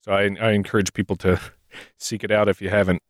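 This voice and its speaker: A man's voice: lowish voice, flat delivery, fast, dry recording, studio quality. A man co-hosting a trivia podcast in casual chat, easygoing and restarting words as he thinks. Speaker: podcast co-host.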